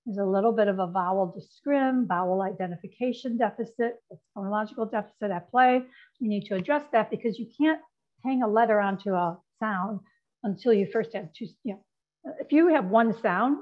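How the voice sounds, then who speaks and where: A woman's voice: mid-range voice, a little fast, dull audio. A woman presenting a lesson on spelling to teachers, explaining step by step and checking in with "right?" and "okay?". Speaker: literacy educator presenting. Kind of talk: instructional presentation.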